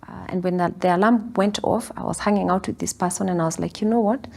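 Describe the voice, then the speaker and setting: A woman's voice: lowish voice, fairly even intonation, fast, vocal fry. A woman telling a personal spiritual testimony, earnest and storytelling, acting out her own past words. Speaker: devotee sharing testimony. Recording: soft guitar music underneath.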